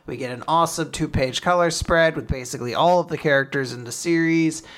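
Speaking a little fast in a deep voice, a woman co-hosts a casual podcast chat. She gives a spirited recap of a manga chapter, putting on the characters' lines and laughing as she goes.

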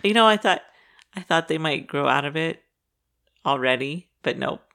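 A woman co-hosting a podcast in casual chat, laughing often and agreeing quickly. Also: sits low, animated, a bit bright. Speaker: podcast co-host.

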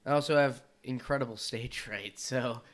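A man's voice: medium pitch, moderate pace. Laid-back young man rambling on a podcast. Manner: rambling, laughs between phrases, trails off. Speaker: podcast co-host. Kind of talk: casual chat.

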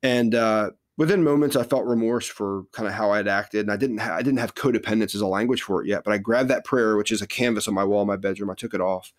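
A man's voice: lowish voice, quick pace, few pauses. A middle-aged man, a guest on a podcast interview, telling a personal story in an earnest, reflective way with lots of filler words.

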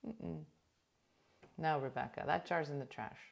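Low-voiced woman telling a gossipy story. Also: a little slow, gravelly. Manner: gossipy storytelling with sudden hushed asides. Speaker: livestream host. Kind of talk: casual chat reading viewer comments.

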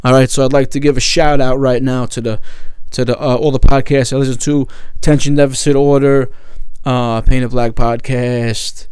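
A man hosting a casual podcast, relaxed and a little unsure, swearing as he goes. His voice is smooth and resonant, recorded dry and close to the mic. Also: mid-range voice, moderate pace, no echo. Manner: laid-back, swears freely, trails off with "I don't know". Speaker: podcast host.

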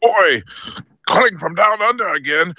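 A man voicing a boozy Australian bloke calling from down under, in a put-on Australian accent, rowdy and shouting slang. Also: sits high, expressive, normal speed, voice pushed up.

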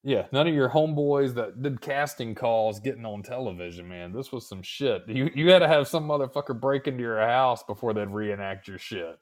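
A man co-hosting a podcast, chatting in a relaxed, crude way while reminiscing. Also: mid-range voice, fairly quick, hardly any pauses. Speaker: podcast co-host. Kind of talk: casual profane chat.

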